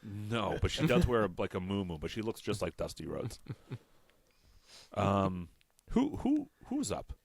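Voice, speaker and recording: A male comedy podcast host who rambles through a story and mocks himself. His pitch swings around a lot. The sound is dry and close. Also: very animated, unhurried, creaky, long pauses, slightly rough, dry recording. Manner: rambling storyteller, self-mocking. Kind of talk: casual comedy chat.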